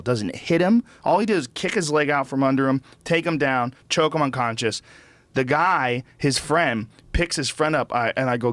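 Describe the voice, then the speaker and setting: On a recording with no room sound, a middle-aged man with a medium-pitched, fairly bright voice hosts a podcast. His story spills out as a loose, foul-mouthed rant, growing heated and looping back on itself when he's riled.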